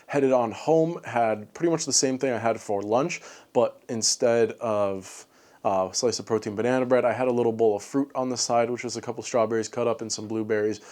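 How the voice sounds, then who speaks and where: A man's voice: mid-range voice, steady tone, darkish tone. Man rambling through a casual vlog recap. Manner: rambling, filler-heavy, upbeat encouraging sign-off; talking a little fast late at night. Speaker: fitness vlogger.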